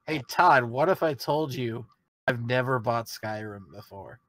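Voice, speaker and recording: A man's voice: mid-range voice, measured pace, a bit bright, dry recording. A man co-hosting a wrestling podcast in casual chat, joking and swearing, rambling with restarts. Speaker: podcast co-host.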